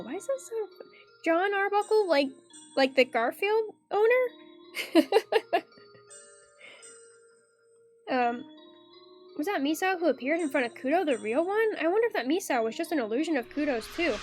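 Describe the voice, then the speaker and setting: A young adult woman streaming a horror game, chatting casually and rambling with many fillers. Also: sits high.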